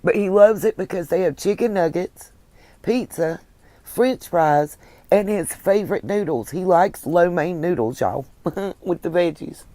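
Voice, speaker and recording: A woman with a Southern US accent hosting a casual livestream, chatting warmly and thanking viewers by name. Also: on the low side, animated, a little slow, no room sound. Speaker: livestream host reading viewer comments. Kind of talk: casual chat.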